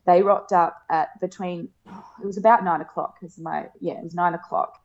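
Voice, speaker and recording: A woman, telling a personal story in a casual chat, emotional and laughing often, acting out quoted lines in a higher voice. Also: steady tone, moderate pace, a little mellow. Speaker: guest. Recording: dull lo-fi podcast sound.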